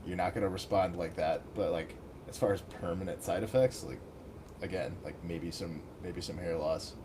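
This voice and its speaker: A man with a very low voice lays things out bluntly in casual podcast talk, dropping swear words as he goes. Steady noise hums clearly under the recording. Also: moderate pace. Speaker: podcast co-host. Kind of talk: casual chat.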